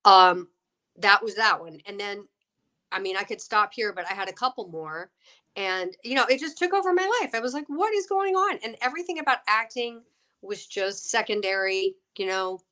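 Bright-voiced woman telling a lively story. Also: mid-range voice, normal speed. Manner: lively, acts out quoted voices, laughs often. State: getting over a cold. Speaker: guest, actress and UFO experiencer. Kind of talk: animated storytelling.

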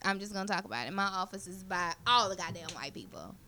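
A woman's voice: medium pitch, expressive, quick pace, background noise. A woman co-hosting a casual podcast chat, blunt and provocative, joking loosely with friends. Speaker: podcast co-host.

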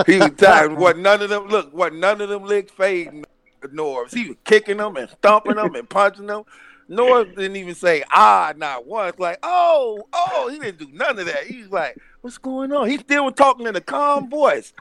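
Male co-host, high lively voice, animated storyteller in loose banter. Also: normal speed, no echo. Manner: animated, acts out quotes with laughter. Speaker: podcast co-host. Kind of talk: casual chat.

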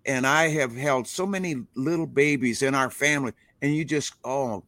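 A man's voice: medium pitch, normal speed, a bit bright, no room sound. Older man preaching with folksy fervor. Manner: preachy, impassioned, folksy grammar. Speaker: interview guest, rock musician. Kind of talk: casual interview over a live stream.

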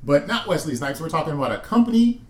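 A man co-hosting a podcast, chatting casually with dry, expressive asides. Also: on the high side, fast talker, reverberant. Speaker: podcast co-host.

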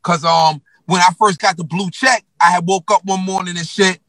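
A man's voice: high voice, steady tone, normal speed, bright, forceful tone, no room sound, rough recording. A man from New York telling stories as a guest rapper in a casual interview, slangy and profane with many fillers.

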